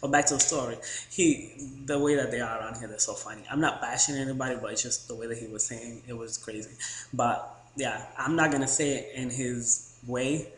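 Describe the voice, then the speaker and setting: A man's voice: medium pitch, steady tone, fairly quick. A man from the Boston area telling a rambling, joking story to his camera with lots of fillers. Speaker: vlogger. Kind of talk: casual storytelling vlog. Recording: echoey room, faint background hum.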